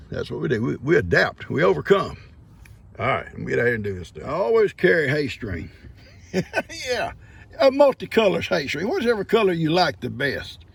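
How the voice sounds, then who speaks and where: Older male farmer-host, gravelly, animated delivery, easygoing vlog narration outdoors. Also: fairly high pitch. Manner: folksy and chatty, chuckles often. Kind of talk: casual vlog narration while working. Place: outdoors by a creek on a farm.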